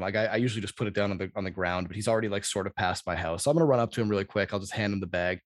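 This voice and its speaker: A man hosting a casual podcast, telling a rambling, profane story in an animated way. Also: on the low side, fast talker, no echo, studio quality.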